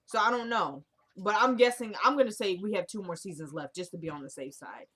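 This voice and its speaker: A young woman casually recapping a TV episode, chatty and animated, acting out the scenes as she retells them. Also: mid-range voice, fairly quick, slightly rough. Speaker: TV episode reviewer.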